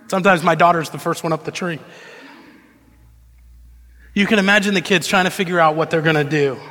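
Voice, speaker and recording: A male pastor preaching a sermon in a conversational, animated storytelling manner, in a church hall. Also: on the high side, a little fast, pauses often. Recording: long reverb of a large hall.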